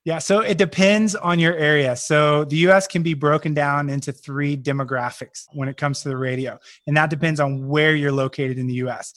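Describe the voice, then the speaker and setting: A man with a slightly high speaking voice talks through his business as a podcast guest. He sounds confident and orderly, laying things out point by point, recorded dry and close. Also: steady tone, normal speed, hardly any pauses, a bit bright, dry recording. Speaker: real estate investor guest. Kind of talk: podcast interview.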